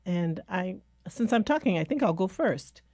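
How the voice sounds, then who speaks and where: A woman co-hosting a podcast, speaking in a measured and thoughtful way. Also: medium pitch, lively intonation, darkish tone, no room sound, clean studio sound. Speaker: podcast co-host. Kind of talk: casual podcast conversation.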